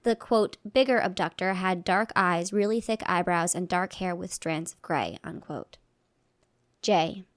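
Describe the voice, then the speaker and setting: A woman reading a legal document aloud in a measured, plain delivery, marking each quotation aloud. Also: lowish voice, no room sound.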